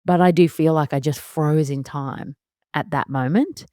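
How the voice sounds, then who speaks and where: A woman's voice: deep voice, a little slow, mellow, no echo, clean studio sound. A woman, hosting a solo parenting podcast and talking candidly and emotionally, laughing through her worries. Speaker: podcast host.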